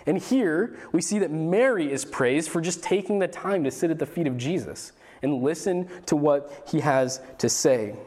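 A man's voice: on the high side, expressive, moderate pace, hardly any pauses, darkish tone. A man preaching a sermon in an earnest way, often restarting his phrases and briefly acting out frustrated voices. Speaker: pastor.

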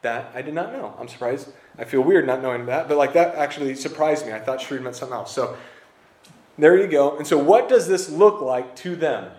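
A man with a slightly high voice preaches a loose, conversational sermon, tossing casual jokes at his congregation. The sound carries the roomy echo of a church hall. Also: lively intonation, a little fast, darkish tone. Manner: casual, joking asides with the congregation. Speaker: pastor.

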